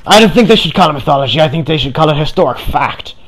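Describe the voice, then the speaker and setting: A man's voice: fairly high pitch, lively intonation, quick pace, vocal fry, a bit bright, a little hiss or hum. A man trolling other players over game voice chat in a mock-earnest, playfully provocative way.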